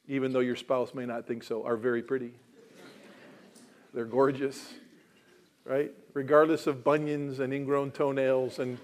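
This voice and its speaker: Preaching a sermon in a medium-pitched voice, a male pastor swings between loud, emphatic declarations and quiet asides, putting questions to the congregation.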